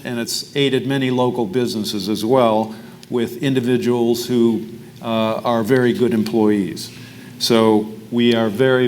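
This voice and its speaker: A man speaking as mayor at a breakfast event, halting with fillers and self-deprecating jokes. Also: mid-range voice, a little hiss or hum. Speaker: mayor giving remarks.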